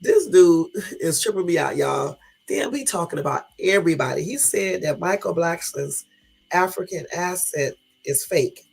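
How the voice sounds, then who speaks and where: A woman hosting a live stream, reading celebrity quotes aloud and reacting to them with animated exclamations. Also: fairly low pitch, moderate pace, creaky, husky, low-quality recording.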